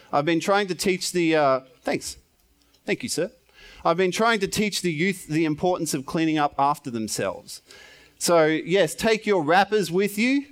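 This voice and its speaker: A man's voice: high-pitched, fairly bright tone. A man preaching an informal sermon in church, chatty and playful, often laughing at himself. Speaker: pastor.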